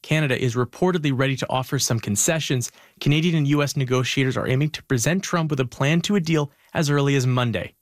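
Male correspondent, measured scripted read, dry sound. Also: medium pitch, no room sound. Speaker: news reporter. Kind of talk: scripted news report.

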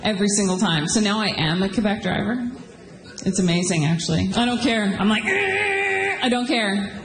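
A woman from Ottawa, Canada, doing a chatty stand-up comedy set on a theatre stage and putting on quick voices for her bits. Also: medium pitch, soft background music. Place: large theatre stage with audience. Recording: echoey hall with room noise.

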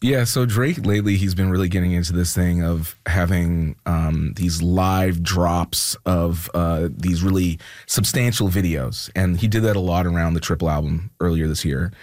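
A man speaking as a culture commentator in a casual panel discussion, explaining in a relaxed way with plenty of fillers. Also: low-pitched, normal speed, hardly any pauses, no room sound, studio quality.

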